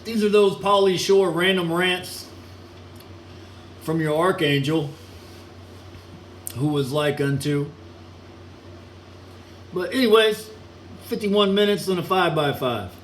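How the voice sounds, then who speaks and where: A man's voice: high voice, takes it slowly, pauses often. A man delivering a crude, mocking, rambling rant, chuckling now and then. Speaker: solo ranting vlogger. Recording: echoey room with air conditioning hum.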